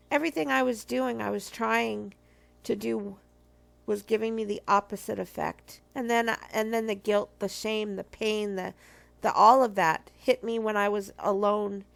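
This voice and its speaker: A woman's voice: medium pitch, gravelly, a bit bright. A middle-aged woman from a marriage ministry, giving an earnest, emphatic testimony and repeating key phrases for weight. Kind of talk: personal testimony teaching.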